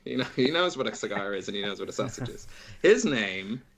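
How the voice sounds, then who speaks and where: A man's voice: fairly low pitch, very animated, fairly quick, noisy background. A man narrating a tabletop game as game master in a playful, rambling way.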